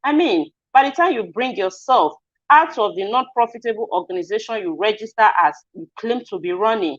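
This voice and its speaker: A woman's voice: on the high side, a little fast, dry recording. A Nigerian woman hosting spoken news commentary, earnest and indignant. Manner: earnest, hesitant, then indignant. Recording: dry, dull lo-fi audio.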